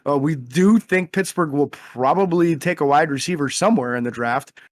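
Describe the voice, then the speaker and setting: A young man co-hosting a casual sports podcast, talking energetically and quick to exclaim. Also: fairly high pitch, no room sound, studio quality. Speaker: podcast co-host.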